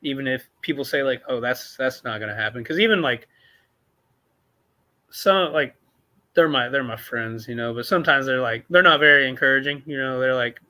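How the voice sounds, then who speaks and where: A man's voice: medium pitch, normal speed, pushed and bright. A man from Arkansas, a podcast guest talking in a laid-back, casual way, full of "you know"s. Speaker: podcast guest, jiu-jitsu competitor. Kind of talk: casual conversation.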